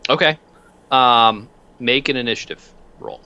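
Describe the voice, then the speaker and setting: Bright-voiced man running a tabletop game. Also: mid-range voice, unhurried, lo-fi sound, slight background noise. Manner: animated, rambling, many fillers. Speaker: game master.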